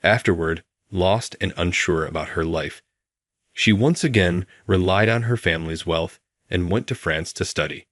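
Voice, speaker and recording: A man narrating a first-person story in a calm, even, scripted storytelling manner. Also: low-pitched, normal speed, no echo, studio quality.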